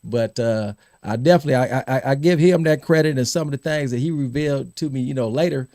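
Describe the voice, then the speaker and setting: Gravelly middle-aged man telling stories. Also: mid-range voice, quick pace, no echo, studio quality. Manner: animated storyteller, laughs and repeats words. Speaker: podcast host. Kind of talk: casual storytelling chat.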